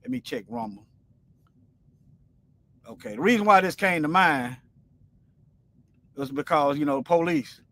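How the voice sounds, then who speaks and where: High, bright-voiced man preaching emphatically. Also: expressive, a little slow, long pauses. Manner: colloquial, rambling, emphatic preaching. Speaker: livestream Bible teacher. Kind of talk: informal livestream Bible teaching.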